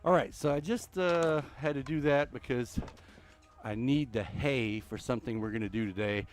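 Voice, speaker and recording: A middle-aged man hosts a casual gaming stream, chatting in an easygoing, joking way and leaning on fillers as he thinks aloud. His voice sits at an ordinary middle pitch for a man, heard close over a headset. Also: moderate pace, a little hiss or hum. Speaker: streamer and host.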